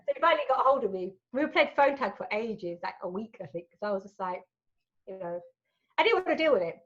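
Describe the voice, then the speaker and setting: A woman's voice: mid-range voice, quick pace, highs cut off. A woman, a guest in a casual interview, telling her stories candidly and swearing freely. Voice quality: frank and animated, swears freely.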